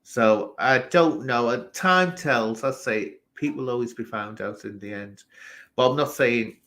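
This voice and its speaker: A man's voice: mid-range voice, unhurried, fairly bright tone. A man from England hosting a casual live stream, ranting animatedly and talking straight to people in the chat.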